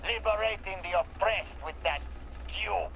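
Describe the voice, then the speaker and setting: An actor playing a volatile, menacing slaver warlord in a video game, with a vaguely European accent, ranting with profanity. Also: male voice, sits high, creaky, fairly bright tone, slight background noise, exaggerated voice, rough recording. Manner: swings between snarling threats and slow lecturing.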